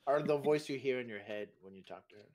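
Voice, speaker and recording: A man's voice: mid-range voice, fast, a little mellow. A man nervously chatting through a tactical game with his squad. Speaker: gaming teammate. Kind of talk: casual gaming banter.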